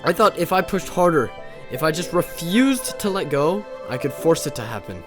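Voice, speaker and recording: A man's voice: on the high side, big pitch swings, normal speed. Young man vlogging casually, music behind. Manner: slangy, addresses viewers as bro and man. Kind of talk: casual vlog narration.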